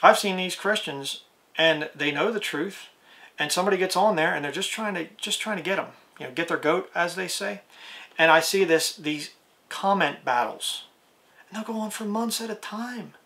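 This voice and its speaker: A man's voice: high voice, normal speed, sharp tone. A man preaching a plain-spoken video sermon, reading scripture aloud and asking his listeners rhetorical questions.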